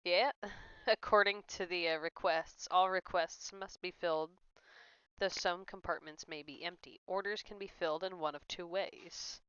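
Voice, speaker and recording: A woman's voice: fairly low pitch, fairly even intonation, a little slow, fairly bright tone, clear, resonant tone, no echo, lo-fi sound. A woman streaming a mystery game, chatting, giggling and reading instructions aloud. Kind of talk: let's play commentary.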